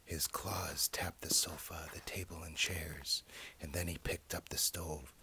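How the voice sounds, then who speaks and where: A man narrating a children's read-along storybook in a slow, hushed storytelling delivery. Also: extremely low pitch, steady tone, husky. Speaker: storybook reader.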